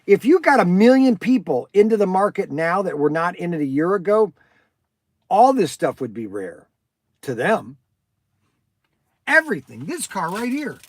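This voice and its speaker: A man's voice: high-pitched, big pitch swings, moderate pace, long pauses, dry recording. An older man hosting a casual livestream, rambling and chatty as he answers viewers by name. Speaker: toy shop host answering viewers.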